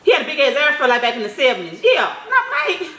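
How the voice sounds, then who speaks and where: A woman, a mother, chats to her viewers in a relaxed, slangy vlog style, dropping swear words and plenty of fillers. Her voice sits a bit high, and the room around her rings with echo. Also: very fast. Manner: chatty, loose, slangy with swearing, many fillers. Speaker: mother and vlogger. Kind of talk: casual storytelling chat. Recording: echoey room.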